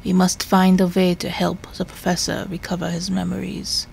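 A woman voicing a formal, earnest male Victorian doctor in a video game, measured and grave. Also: fairly low pitch, monotone, gravelly, a little mellow, a little hiss or hum.

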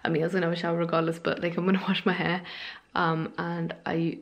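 A woman's voice: on the low side, monotone, fast talker, vocal fry. A tired young woman, rambling casually to camera in her room at home, a little out of breath. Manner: rambling, chatty, self-deprecating, slightly out of breath. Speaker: vlogger. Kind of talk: casual vlog chat to camera. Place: bedroom at home.

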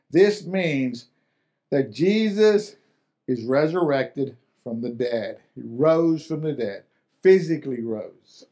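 A pastor preaching a sermon, emphatic and repetitive, stumbling over restarts, dropping low and soft, then rising loud. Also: male voice. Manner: swings between loud and soft, acting out quotes.

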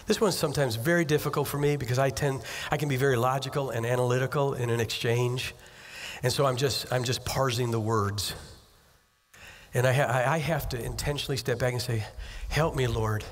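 A man's voice: mid-range voice, fairly even intonation, fairly quick. A pastor preaching a sermon in an earnest, conversational way, acting out little scenes as he goes. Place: church sanctuary. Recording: long hall reverb.

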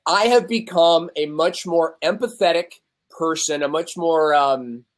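A man's voice: fairly high pitch, a little slow. A young adult man, a podcast guest, talking candidly and animatedly in casual conversation and acting out the voices he quotes.

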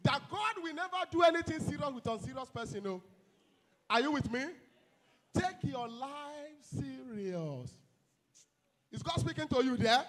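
A young Nigerian man, a youth pastor, preaching a fiery sermon full of shouted calls and repeated "hello?" to the congregation. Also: extremely high pitch.

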